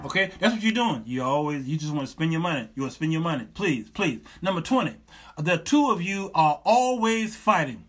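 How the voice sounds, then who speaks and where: A middle-aged man hosting a talk show, giving sermon-like advice in an animated, joking, preacherly manner with lots of repetition. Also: on the high side, a little fast, soft background music.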